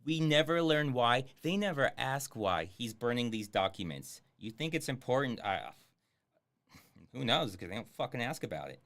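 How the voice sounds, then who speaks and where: Male streamer, sarcastic running commentary, lively swooping pitch, casual swearing. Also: normal speed. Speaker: streamer reviewing a film.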